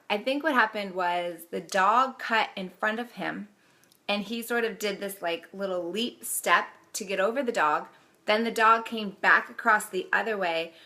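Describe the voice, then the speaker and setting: Vlogger, woman, 30s: bright and gravelly, casual and giggly storyteller. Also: medium pitch. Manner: laughs often while telling.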